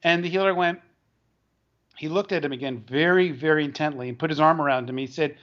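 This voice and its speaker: A man, an author and educator, tells a long story as an interview guest, halting often and restarting his words. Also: on the high side. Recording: dull lo-fi recording.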